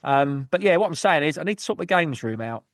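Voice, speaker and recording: A man hosting a gaming podcast on his own, rambling through shout-outs and jokey, self-mocking asides. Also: a little high, animated, quick pace, no echo, studio quality. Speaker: podcast host. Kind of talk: solo gaming podcast chat.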